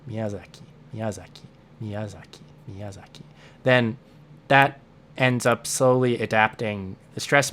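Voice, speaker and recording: A man's voice: medium pitch, a bit bright. A man teaching in a casual, explanatory way, thinking aloud and repeating words as he restarts his sentences. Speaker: language learning teacher.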